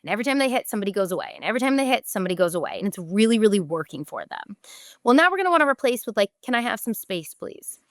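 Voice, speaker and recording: A woman's voice: medium pitch, big pitch swings, very fast, dry recording, clean studio sound. A woman, a podcast host giving direct, emphatic parenting advice and briefly acting out what parents and children say.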